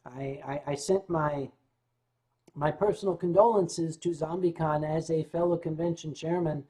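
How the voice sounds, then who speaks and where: A man hosting a livestream, chatting casually with his viewers and telling stories with big swings in pitch and loudness, stumbling and restarting when the subject turns serious. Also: steady tone, moderate pace. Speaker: livestream host answering chat.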